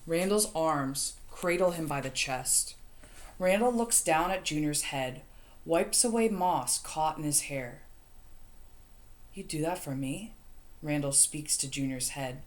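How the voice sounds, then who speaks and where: A woman narrating an audiobook in the first person, steady and measured. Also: deep voice. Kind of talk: audiobook reading.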